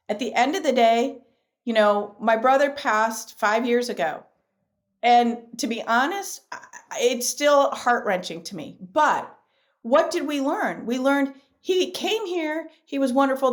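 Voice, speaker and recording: A middle-aged woman guest in a podcast interview, speaking emphatically and repeating key phrases, telling lively stories. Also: on the high side. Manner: animated storyteller.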